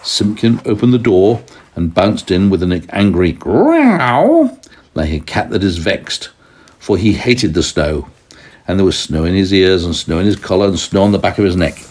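A man reading a storybook aloud to his young child at home, gently pausing to ask questions. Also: sits low, big pitch swings. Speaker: parent telling a story to a toddler.

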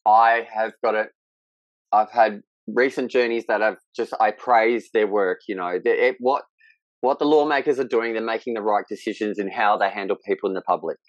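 A man, speaking as a podcast guest in candid conversation, halting and emotional with frequent restarts. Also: lowish voice, steady tone, dry recording, lo-fi sound.

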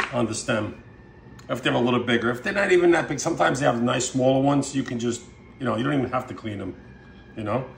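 A man giving a relaxed, chatty cooking demonstration, talking viewers through each step with lots of fillers and asides. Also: medium pitch, gravelly. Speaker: home cook showing a recipe. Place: kitchen, then an outdoor backyard grill. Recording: outdoor background noise.

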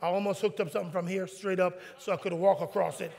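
A man's voice: high-pitched, steady tone, fast talker, creaky, darkish tone. A man preaching a sermon as pastor, leading the congregation through a prayer line by line. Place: church sanctuary. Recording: long hall reverb with faint music behind.

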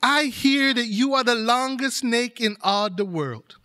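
A sly male spider trickster, put on by a man, talks in a coaxing lilt. The voice sits high and rings bright, and he plays every line like a sweet-talking schemer from a storybook. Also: measured pace, heavily acted. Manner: crafty, coaxing, ends phrases with "man".

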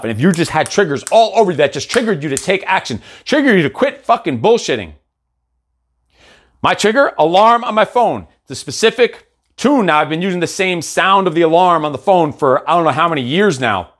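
A man's voice: sits high, fairly bright tone. A middle-aged man hosting a live motivational show, talking in a blunt, profane, intense way. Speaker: coach and show host.

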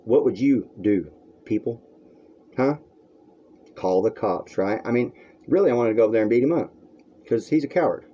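A man's voice: mid-range voice, moderate pace, long pauses, warm tone, breathy edge. A man on his own vlog, talking in a crude, rambling and heated rant to the camera from a room at home, on a dull lo-fi recording. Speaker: vlogger. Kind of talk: ranting monologue to camera.

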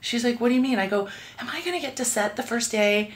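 Animated middle-aged woman telling a story. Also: fast talker. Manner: acts out quoted voices, swings pitch widely. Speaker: guest.

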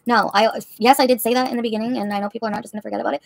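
A woman's voice: a little high, fairly even intonation, very fast, gravelly, few pauses, darkish tone, dry recording. A woman livestreamer answering her chat in a heated, profane, confrontational rant.

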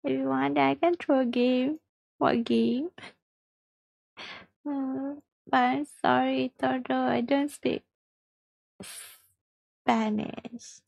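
A woman's voice: sits high, fairly even intonation, drawn-out words, creaky, pauses often, darkish tone, no echo, lo-fi sound. A woman livestreaming a mobile game, chatting casually with viewers, reading chat aloud and giggling often.

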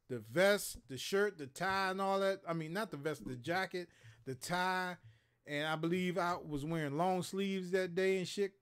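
A man from Maryland tells rough, profane stories on a livestream, in a voice that sits a little high for a man and swings widely as he acts out each scene. He is casual and animated, in his thirties. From Maryland, USA. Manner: profane, animated storyteller who acts out other people's lines. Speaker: co-host of a gaming talk show.

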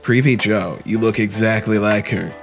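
A man doing a low, leering creep. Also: moderate pace, over music, lightly acted. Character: sleazy adult male creep, leering and menacing.

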